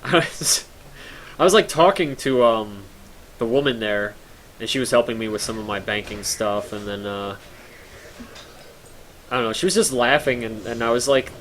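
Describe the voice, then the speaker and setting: A man's voice: mid-range voice, a bit bright, a little hiss or hum, poor audio. A man streaming live, chatting casually to his viewers, a little tired, rambling through stories with lots of fillers and restarts and chuckling often.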